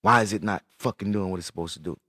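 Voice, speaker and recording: A man's voice: sits low, racing, noisy background. A man live-streaming casual chat from his computer, swearing in frustration and greeting viewers as he works.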